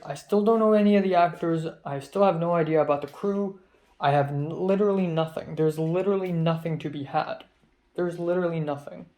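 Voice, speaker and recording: A young man with a voice that sits slightly high, rambling through a casual vlog monologue. He vents, exasperated, stacking up ums and restarts as he talks. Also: dark tone. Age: young adult. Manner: rambling, exasperated venting with many fillers. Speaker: student filmmaker.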